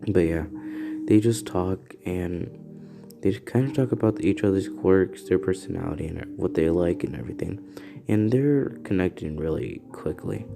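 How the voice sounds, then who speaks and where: A man casually narrating an improvised fan story, halting and restarting often. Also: low voice, gravelly, music in the background.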